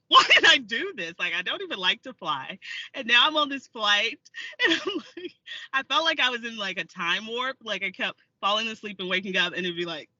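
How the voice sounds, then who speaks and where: An American actor and filmmaker tells stories as a guest in a casual interview, laughing often. Her medium-pitched voice sounds pushed and bright, and the lo-fi recording has no room sound.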